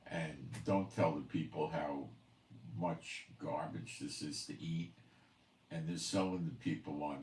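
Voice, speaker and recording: A man's voice: very deep voice, unhurried, echoey room, far from the mic, a little hiss or hum. A man hosting a commentary channel, ranting emphatically with scorn and rhetorical questions. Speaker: host of a prophecy commentary channel.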